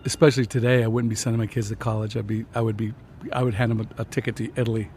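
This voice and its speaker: A man's voice: on the low side, level tone, very fast, a little mellow, a little hiss or hum. A man in his fifties, a guitarist guest telling anecdotes in a casual, rambling conversation. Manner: chatty storyteller, jumps between anecdotes. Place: outdoor restaurant patio at night.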